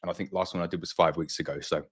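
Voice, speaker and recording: A middle-aged man with a British accent and a very deep voice chats loosely through a live stream. He talks off the cuff, doubling up words as he thinks aloud, and sounds a little out of breath. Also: steady tone, racing, slightly rough. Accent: British English. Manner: chatty, repeats words while thinking aloud. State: slightly out of breath. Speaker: beekeeper hosting a live Q&A stream. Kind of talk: casual live-stream chat.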